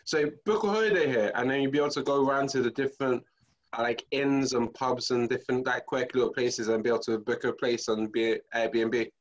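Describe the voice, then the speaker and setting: A male student pitching a campaign idea on a video call, hesitant and searching for words. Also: fairly even intonation, fairly quick. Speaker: student presenter. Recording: muffled lo-fi audio.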